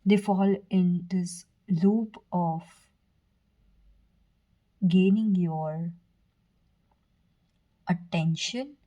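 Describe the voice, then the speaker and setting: Soft low-voiced woman reading tarot. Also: very slow, pauses often, highs cut off. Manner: soft, earnest, direct address with fillers and self-corrections. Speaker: tarot reader. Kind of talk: pick-a-card tarot reading.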